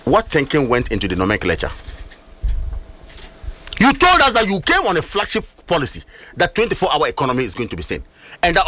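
Ghanaian guy going off on politics, high voice, super animated. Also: dry recording. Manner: animated, emphatic, mixes English with Twi. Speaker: political commentator. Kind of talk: heated political talk show debate.

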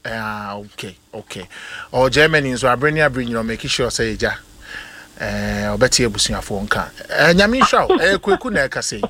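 A man with a Ghanaian accent hosting a call-in radio show, giving hyped shout-outs and blessing a caller. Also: medium pitch, big pitch swings, normal speed. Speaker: radio host. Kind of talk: call-in birthday show, English and Twi mix.

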